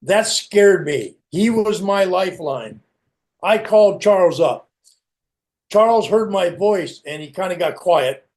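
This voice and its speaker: A man's voice: sits high, lively intonation, a little slow, darkish tone. A middle-aged man giving a candid, plain-spoken personal recovery share over a video call. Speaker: recovery meeting speaker.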